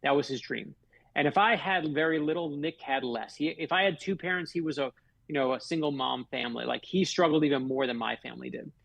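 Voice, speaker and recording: A middle-aged man from Florida tells heartfelt stories as a guest on a radio show. His voice is gravelly and husky, and he leans hard on the big lines. The sound is close and dry. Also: a little high, fairly quick, fairly bright tone, no echo, lo-fi sound. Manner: heartfelt, emphatic, builds stories to a punch. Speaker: author guest. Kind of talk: earnest storytelling in a radio interview.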